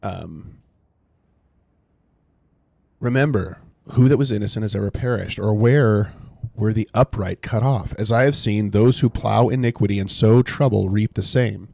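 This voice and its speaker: Gravelly low-voiced man streaming a Bible study. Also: measured pace, a little mellow, no room sound. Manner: rambling, many fillers, paraphrases scripture in casual speech; reacts to game and chat in low muttering asides. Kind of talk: casual live-stream teaching while gaming.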